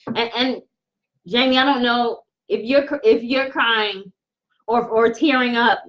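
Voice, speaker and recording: A woman hosting a live intuitive tarot reading, talking straight to viewers in an earnest, halting way full of restarts. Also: a little high, a bit bright, muffled recording. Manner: halting, repetitive, with many restarts; earnest, addresses viewers directly. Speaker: tarot reader and host.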